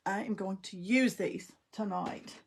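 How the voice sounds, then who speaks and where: A woman's voice: mid-range voice, unhurried, noisy background. A middle-aged woman hosting a craft livestream, chatting folksily and greeting viewers by name as she works. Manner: folksy, talks to viewers by name while working.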